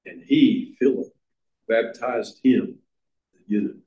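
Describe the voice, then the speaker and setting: A man preaching a sermon, slow and emphatic, repeating words for stress. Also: mid-range voice, warm tone, lo-fi sound. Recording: echoey room.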